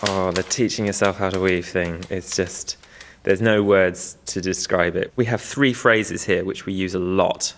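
A man with a low, gravelly voice talks about weaving in a documentary interview. He rambles a little, makes fun of himself and chuckles now and then. His tone stays easy and unhurried. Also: fairly even intonation, slight background noise. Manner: self-deprecating, chuckling, rambling. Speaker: weaver restoring old looms.

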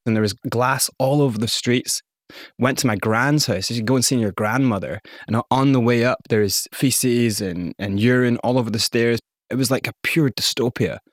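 A man with a Scottish accent, a guest in an interview, recounting his past with candid, animated storytelling. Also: medium pitch, moderate pace, no room sound, clean studio sound. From South Africa and Scotland. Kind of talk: personal storytelling.

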